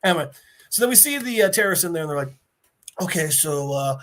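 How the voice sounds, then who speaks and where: A man's voice: sits high, lively intonation, rapid-fire, fairly bright tone. A man hosting a casual podcast, recapping a TV episode with swearing, laughs and put-on character voices. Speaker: podcast host.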